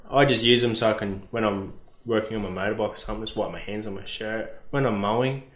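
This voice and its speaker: A man's voice: lowish voice, steady tone, a bit bright. Easygoing man, echoey room. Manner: easygoing, rambling, halting. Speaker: mine truck driver, guest. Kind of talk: casual chat. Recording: roomy echo.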